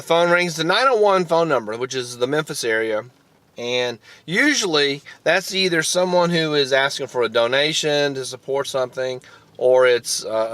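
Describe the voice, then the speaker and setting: A man's voice: medium pitch, a bit bright. A man with a Southern US accent, rambling through a casual vlog story and a phone call, often restarting and repeating words. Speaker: vlogger.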